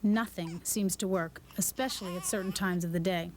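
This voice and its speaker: A woman's voice: lowish voice, moderate pace, slight background noise. Joking woman teaching a parenting class. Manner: lively, joking, acts out parents and babies. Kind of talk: lecture to new parents.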